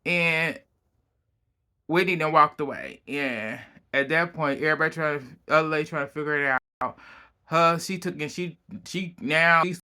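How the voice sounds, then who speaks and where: A man's voice: on the high side, normal speed, pushed and bright, smooth. A man hosting a casual vlog, animatedly retelling drama and acting out quotes. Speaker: vlog host. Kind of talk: casual gossip recap.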